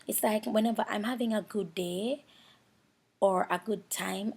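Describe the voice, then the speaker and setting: A woman's voice: mid-range voice, fairly even intonation, a little slow, gravelly, a little mellow, husky. A woman with a Jamaican accent talking through a makeup voice-over, candid and rambling, sometimes close to tears. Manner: candid, rambling, emotional and self-searching. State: near tears at times. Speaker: beauty vlogger. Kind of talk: confessional voice-over chat.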